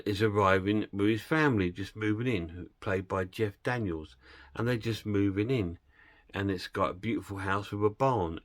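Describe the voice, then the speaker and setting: A man's voice: fairly low pitch, no room sound. A man casually retelling a film plot and reviewing it, rambling and hesitant with plenty of fillers.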